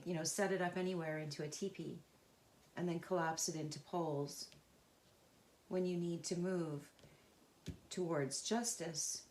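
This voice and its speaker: A woman's voice: on the low side, darkish tone. Earnest woman tarot reader in an echoey room. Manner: halting and searching, with pauses and restarts; earnest and emotionally involved. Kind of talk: unscripted intuitive tarot reading.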